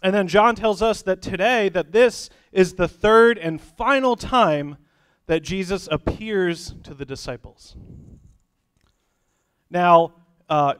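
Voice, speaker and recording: A man with a high, smooth voice preaching a sermon in an easygoing, joking way. His delivery is casual and conversational, with small fillers along the way. The sound is close and dry. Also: dry recording. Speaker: pastor. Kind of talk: sermon with a told joke. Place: church sanctuary.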